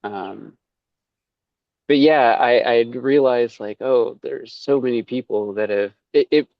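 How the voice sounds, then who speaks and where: A man's voice: mid-range voice, slow pace, vocal fry, no echo, dull audio. A man talking casually as a podcast guest, rambling, with many fillers and quoted asides. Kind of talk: casual conversation.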